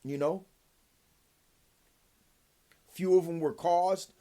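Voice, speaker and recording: A man's voice: steady tone, very slow. Man ranting heatedly to camera. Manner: profane, heated, swings from loud to low. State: dry throat. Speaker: vlogger. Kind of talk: casual rant to camera.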